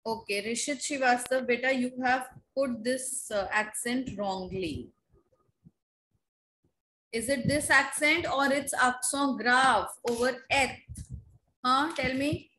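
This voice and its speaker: Slow high-voiced Indian woman teacher. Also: sharp tone, slight background noise. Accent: Indian English. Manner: slow, repeating drills for students to echo. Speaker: French teacher. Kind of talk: online class lecture.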